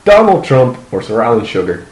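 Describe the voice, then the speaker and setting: A man's voice: medium pitch, sing-song, a little fast, a little mellow, roomy sound, rough recording. A man co-hosting a podcast in casual chat, joking and exaggerating, laughing often. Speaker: podcast co-host.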